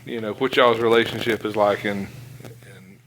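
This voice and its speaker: A man's voice: fairly low pitch, steady tone, normal speed, a bit bright, a little hiss or hum, low-quality recording. A man hosting a casual interview, easygoing and chatty. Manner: easygoing, short backchannel responses. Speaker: podcast host.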